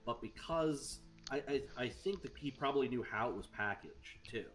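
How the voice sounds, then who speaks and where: A man's voice: medium pitch, lively intonation, normal speed, fairly bright tone, a little hiss or hum. A man, a player at a tabletop game, reasoning aloud in casual chat and repeating words as he thinks.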